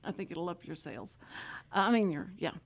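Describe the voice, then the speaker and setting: A woman's voice: fairly low pitch, lively intonation, a little fast, gravelly. A woman hosting a casual radio talk show, chatty and rambling, often giggling. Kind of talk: casual radio interview chat.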